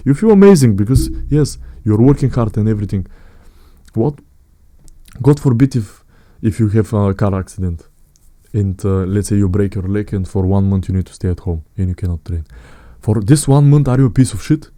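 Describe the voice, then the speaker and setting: A man's voice: lowish voice, moderate pace, dark tone, no room sound, studio quality. A man, talking to his viewers in a blunt, earnest way about self-improvement, often repeating phrases and calling them guys. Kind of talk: direct-to-camera motivational talk.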